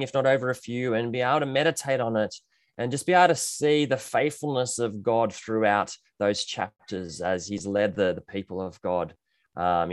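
A man preaching a sermon to his church over a video call, gentle and earnest, with frequent ums and restarts. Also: mid-range voice, no echo. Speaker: pastor.

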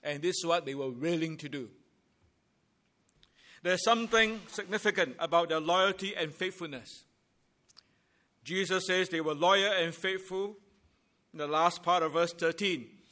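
A man preaching a sermon as pastor, emphatic and deliberate, building points in rhythmic groups of three. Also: a little high, sharp tone.

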